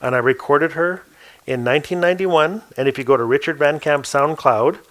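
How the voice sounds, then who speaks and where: Animated male storyteller. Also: a little high, a little fast. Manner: animated, acts out the people in his stories. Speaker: author and storyteller on a panel. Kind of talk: oral storytelling to a live audience.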